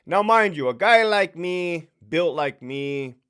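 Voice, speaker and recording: A man's voice: a little high, takes it slowly, clean tone. A middle-aged man, a former prison sergeant, telling blunt, profane stories in a casual monologue. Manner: profane, blunt, animated storytelling.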